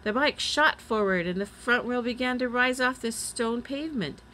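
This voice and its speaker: A woman reading a children's chapter book aloud, doing the children's lines a little higher. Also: moderate pace, pushed and bright, a little hiss or hum, rough recording. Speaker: reader. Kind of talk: storybook read-aloud.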